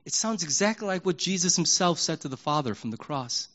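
Animated male pastor, slightly high voice. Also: fairly quick, highs cut off. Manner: animated, emphatic preaching that swings between loud and hushed; conversational and candid, acts out prayers in his own voice. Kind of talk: sermon.

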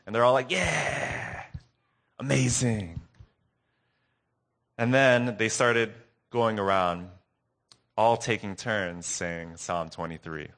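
A man preaching a sermon recap, earnest and telling a story with dramatic pauses. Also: lowish voice, a bit bright.

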